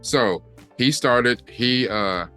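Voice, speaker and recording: Middle-aged guy, lively storyteller doing voices, faint music behind. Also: mid-range voice, very slow. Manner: animated storyteller, acting out quotes. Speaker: co-host. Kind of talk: casual chat.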